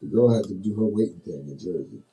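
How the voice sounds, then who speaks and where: A man co-hosting a casual radio talk show, chatty and lively, running through sports scores with many ums and uhs. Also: low-pitched, fast talker, echoey room, poor audio. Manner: lively, chatty, laughs often, fillers like uh and um. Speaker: radio co-host doing sports. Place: small radio studio.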